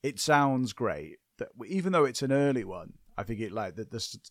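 A man's voice: mid-range voice, animated, a little fast, dry recording, clean studio sound. A man co-hosting a podcast in casual chat, rambling and self-deprecating, with many restarts. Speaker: podcast co-host.

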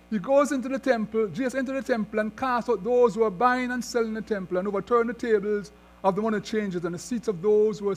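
A man preaching a sermon, reading scripture aloud and then expounding on it with rising emphasis. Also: high-pitched. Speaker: pastor.

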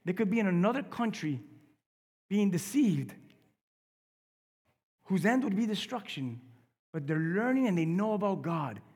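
Husky-voiced preaching pastor, man. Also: high voice, very animated, measured pace, long pauses, long reverb tail. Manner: preaching with swings from hushed to loud emphasis. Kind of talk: sermon. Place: church sanctuary.

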